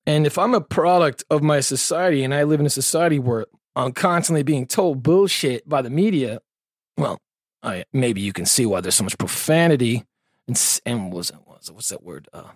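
A man's voice: medium pitch, moderate pace, dry recording, studio quality. A man hosting a podcast in an angry, sarcastic and heavily profane comedic rant, full of rambling asides. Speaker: podcast host.

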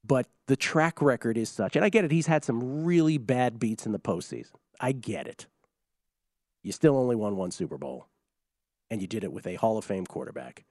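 Male sports-talk host, wry and animated, lively pitch, dry studio sound. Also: normal speed, no room sound. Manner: wry, animated, mock-incredulous. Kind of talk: sports talk radio banter.

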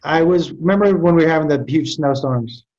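A man's voice: on the high side, brisk. Guy rambling through a story, lots of stops and restarts, kinda muffled sound. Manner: animated, trailing restarts and stammers. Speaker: podcast guest. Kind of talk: storytelling in casual chat.

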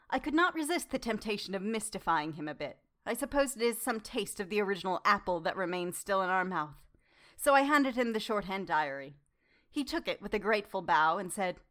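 A woman narrating a classic novel in the first person, with measured, demure reading as the heroine. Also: mid-range voice, animated, a bit bright. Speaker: audiobook narrator.

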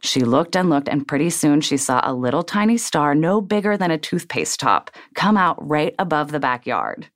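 A woman reading a children's story aloud in a gentle, soothing way. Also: low voice, big pitch swings, normal speed, hardly any pauses.

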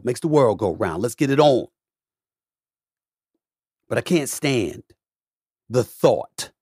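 A middle-aged man delivers an opinionated monologue on his own podcast, his voice close and dry with a breathy edge and no room sound. In a profane, repetitive, preacher-like cadence, he shifts from a low mutter to loud, cussing outbursts.

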